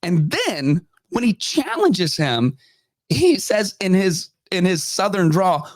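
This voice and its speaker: A man's voice: high-pitched, slow pace, no echo. A man hosting a podcast, giving casual, mocking commentary and acting out the quotes he retells. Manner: animated, mocking, acts out quotes. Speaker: podcast host.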